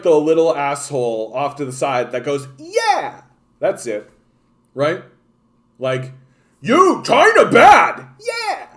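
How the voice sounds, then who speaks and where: A man's voice: a little high, a little mellow. A Canadian man with a Canadian accent, hosting a podcast with rambling, profane, sarcastic political commentary. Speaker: podcast host.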